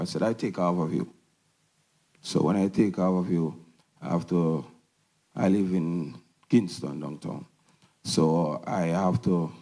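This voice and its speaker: A man giving an emotional parent testimonial at a symposium, halting with simple phrasing. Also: low voice, vocal fry, warm tone, rough recording. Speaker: parent speaker. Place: symposium hall.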